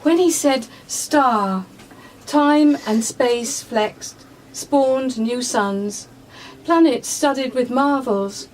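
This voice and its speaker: Slow tender woman in her sixties. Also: sits high. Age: 60s. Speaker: guest reading a poem. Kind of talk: poetry reading. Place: hospital radio studio. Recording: distant mic with faint hiss.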